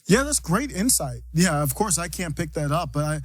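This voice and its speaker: A man's voice: on the high side, big pitch swings, normal speed, breathy edge. A male podcast host with a slightly raised voice chats casually and agrees readily. His voice sounds dry and close, with no room echo. He chimes in often with short affirmations. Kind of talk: casual political podcast discussion.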